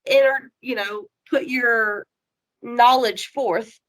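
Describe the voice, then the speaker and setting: A woman's voice: on the high side, fairly even intonation, takes it slowly, dry recording, poor audio. A woman hosting a podcast, telling stories in a rambling way full of "like". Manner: rambling storytelling with many "like"s. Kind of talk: casual podcast chat.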